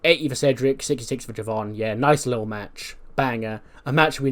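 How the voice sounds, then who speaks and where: A man hosting a casual let's-play commentary in a laid-back way, swearing now and then. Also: mid-range voice. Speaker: gaming video host.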